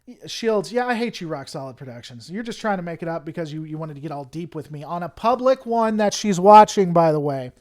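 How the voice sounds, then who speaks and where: Speaking fairly quickly with few pauses, a young Southern-accented man from Tennessee answers viewers on a casual livestream in a slightly high, slightly mellow, expressive voice. His talk is rambling and full of fillers and restarts, moving from heated to apologetic.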